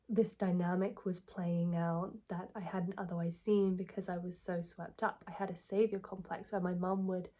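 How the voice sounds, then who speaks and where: Mellow-voiced woman vlogger. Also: mid-range voice. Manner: candid, reflective, earnest. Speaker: self-help vlogger. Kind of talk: personal story and advice to camera.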